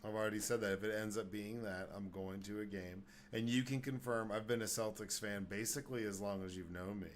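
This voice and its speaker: A man's voice: on the low side, fairly even intonation, brisk, few pauses, a little hiss or hum. A man from Dallas hosting a podcast in casual chat, rambling and swearing, with many restarts. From Dallas, Texas. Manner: rambling, profane, restarts often. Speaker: podcast host.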